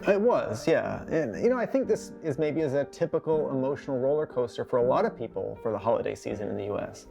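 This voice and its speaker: American man vlog co-host, low gravelly voice, faint guitar behind. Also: animated, fast talker, dark tone. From United States. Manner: enthusiastic, listing. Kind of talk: casual chat.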